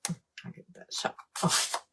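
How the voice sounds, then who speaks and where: A woman's voice: slow, noisy background. A woman demonstrating card making on a live stream, chatting and thinking aloud as she decides. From Australia. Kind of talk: live crafting stream chat.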